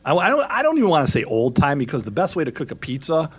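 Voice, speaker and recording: A middle-aged man hosting a law talk show, chatting casually in a rambling, jokey way full of shout-outs. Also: on the high side, huge pitch swings, quick pace, breathy edge. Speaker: lawyer and show host. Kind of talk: casual chat.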